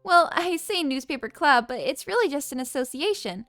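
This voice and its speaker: Woman reading as an eager polite schoolgirl reporter, bit flustered, highish voice. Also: animated, normal speed, fairly bright tone, no echo, faint music behind. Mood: earnest.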